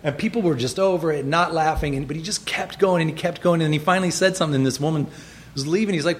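A middle-aged man chatting as a guest in an interview, animated and acting out quoted lines with laughter. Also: high voice, quick pace, slight background noise. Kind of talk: casual interview chat.

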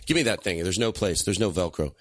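A man hosting a comedy podcast in a studio, chatting in a rambling, excitable way with lots of laughing and restarts. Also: sits low, fast talker, no room sound. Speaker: podcast host. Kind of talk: casual comedy podcast chat. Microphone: studio microphone.

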